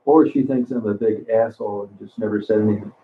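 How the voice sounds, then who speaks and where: A man's voice: fairly low pitch, fairly even intonation, fast talker. A man hosting a casual livestream, talking bluntly and crudely to viewers as he reads their comments. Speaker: livestream host. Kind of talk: casual live chat reading comments. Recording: tinny phone-like sound.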